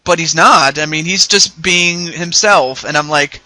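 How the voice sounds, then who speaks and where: A man's voice: a little high, measured pace, sharp tone, dry recording. A man hosting a casual online chat, rambling with frequent stammered restarts. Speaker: YouTuber host.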